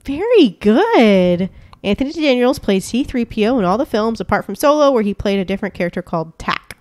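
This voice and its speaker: A woman co-hosting a podcast, reading out trivia questions in casual chat and quickly praising right answers. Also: on the high side, very animated, darkish tone, dry recording. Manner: reads questions, laughs easily, quick praise. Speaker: podcast co-host reading a quiz.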